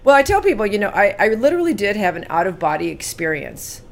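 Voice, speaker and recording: Quick-paced and mid-range with some vocal fry, this sixty-something woman from California shares her life story in an interview. She grows earnest and animated in the telling, then goes quiet when things turn painful.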